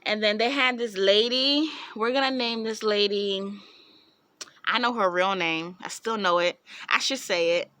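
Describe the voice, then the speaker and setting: A young woman vlogger telling a storytime tale in a sassy, animated way, with laughing asides. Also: medium pitch, unhurried, no echo. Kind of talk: storytime vlog.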